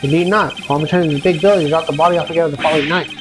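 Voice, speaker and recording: A woman voicing a composed male prosecutor in a game voice-over, formal, measured and cutting. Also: deep voice, fairly even intonation, lightly acted. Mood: stern. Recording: game music behind voice.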